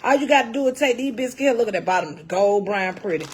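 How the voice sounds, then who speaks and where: A woman's voice: mid-range voice, animated, fast, slight background noise. A middle-aged woman hosting a casual cooking livestream, folksy and salty, calling her viewers baby and honey.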